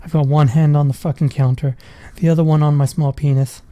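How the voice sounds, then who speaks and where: Guy swearing his way through a story, a bit high, mellow voice, dry sound. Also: flat delivery, brisk, no room sound. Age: adult with a school-age daughter. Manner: profane, rambling storytelling. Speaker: vlogger. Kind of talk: casual storytelling.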